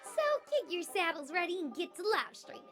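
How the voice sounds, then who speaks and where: A woman putting on a drawl to play a folksy cowgirl pitchwoman in an ad. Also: sing-song, a little fast. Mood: folksy hype. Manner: hammy, folksy sales pitch. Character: twangy Southern cowgirl pitchwoman. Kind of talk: cowboy-themed ad read. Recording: clip with loud music behind.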